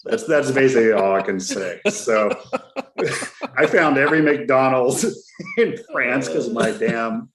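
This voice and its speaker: A man's voice: medium pitch, expressive, takes it slowly, slight background noise. A middle-aged man hosting a podcast, talking in a loose, jokey way and spinning stories as he goes. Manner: chatty storyteller, jokey and loose. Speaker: podcast host. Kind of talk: casual chat. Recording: roomy echo.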